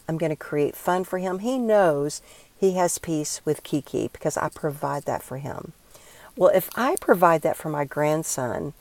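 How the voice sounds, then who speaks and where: An older woman speaking in an earnest, encouraging way, giving a devotional talk and leading listeners through a quiet prayer exercise. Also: sits low, no echo. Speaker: Christian speaker.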